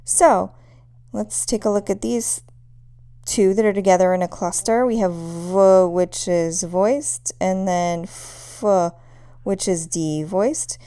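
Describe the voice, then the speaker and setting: A woman's voice: mid-range voice, slow, mellow, smooth. A woman teaching a pronunciation lesson, patiently demonstrating sounds one at a time. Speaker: language teacher.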